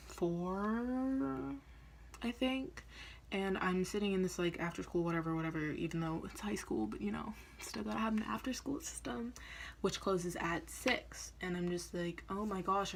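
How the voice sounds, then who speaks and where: A woman's voice: fairly low pitch, slight background noise. A young woman vlogger telling a story in a casual, chatty way, often laughing and acting out what people said. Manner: chatty, laughing, acts out quoted lines.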